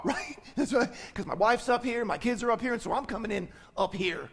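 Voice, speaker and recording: Emphatic high-voiced male pastor preaching. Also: fairly quick, big-room sound. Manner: emphatic, repeats key phrases, tags lines with "right?". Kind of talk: sermon. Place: church sanctuary.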